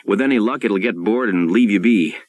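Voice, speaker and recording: A man's voice: fairly low pitch, fairly quick, a little mellow, close to an everyday voice. A man voicing a blunt, plain-spoken boat captain talking over a radio link. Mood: reassuring.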